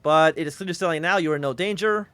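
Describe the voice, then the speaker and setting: A man's voice: a little high, fast talker, fairly bright tone, clear, resonant tone, no room sound, lightly acted. A man voicing a proud female cyborg who is wired into her airship, speaking with rapturous intensity. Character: cyborg woman airship captain, proud, ecstatic.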